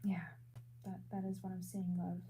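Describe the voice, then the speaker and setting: A woman working as a tarot reader and psychic medium on a live stream. She talks in a soft, halting way and repeats her words often. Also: lowish voice, monotone, a little hiss or hum, rough recording. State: emotional.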